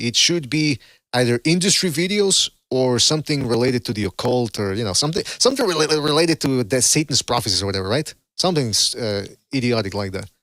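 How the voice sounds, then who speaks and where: A man's voice: mid-range voice, fairly bright tone, no echo. Male podcast host, casual and rambling, dry close sound. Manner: rambling, blunt and profane, with many fillers. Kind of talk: casual call-in show commentary.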